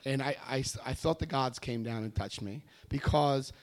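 A man giving a personal testimony at a recovery meeting, telling his story with animated energy and acting out what people said. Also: medium pitch, moderate pace. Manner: animated storytelling, acts out quoted voices. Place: meeting room before a live audience.

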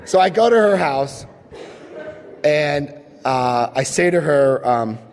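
A man telling a story to a crowd with a lively, swooping voice that rises high when he gets worked up. He laughs often and acts out the people in the story. A long reverb hangs behind him, as in a big hall. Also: takes it slowly. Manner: animated, laughing, acts out quotes. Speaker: speaker sharing a personal story. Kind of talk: storytelling to an audience.

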